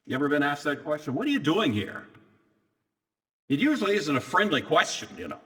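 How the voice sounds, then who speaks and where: A male pastor preaching a sermon, telling the story with dramatic emphasis and sudden swings from quiet to loud. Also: a little high, sing-song, moderate pace. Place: church. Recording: long church hall reverb.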